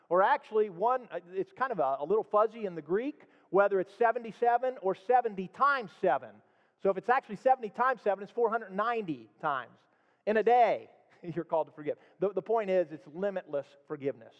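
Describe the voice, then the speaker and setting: A man's voice: sits high, animated, brisk. Male pastor, sermon delivery, scripture read with rising emphasis, slightly dull sound. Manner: reads scripture aloud with rising emphasis, then explains it. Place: church sanctuary. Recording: dull sound with long hall reverb.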